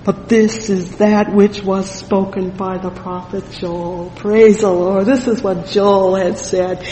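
Fervent preacher, unhurried delivery, roomy echo, faint background hum. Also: medium pitch, flat delivery, mellow. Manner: fervent, punctuated with "praise the Lord"; frequent "you know" fillers and restarts. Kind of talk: sermon with scripture reading. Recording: echoey hall with long reverb.

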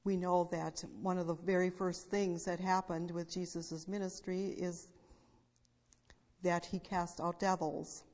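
A woman with a fairly low voice teaches from scripture in a sermon, reading verses aloud and then explaining them in plain words. Her speech is recorded in a church hall with a long, lingering reverb. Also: flat delivery, measured pace, darkish tone. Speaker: preacher.

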